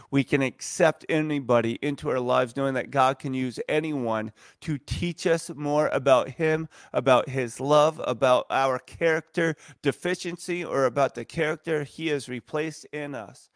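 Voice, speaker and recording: Earnest man preaching, gravelly voice. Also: medium pitch, dry recording, clean studio sound. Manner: earnest, emphatic preaching with lists of repeated phrases. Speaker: pastor. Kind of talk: sermon.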